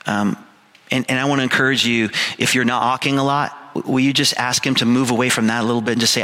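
Man, 50s, pastor, sermon, bright tone, candid, storytelling, emphatic repeats. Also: medium pitch, steady tone, fast talker.

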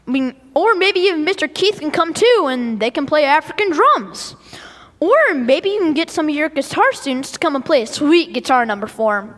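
A woman playing an eager, creative young boy in a church skit, talking in a chatty, excitable way. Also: high-pitched, big-room sound.

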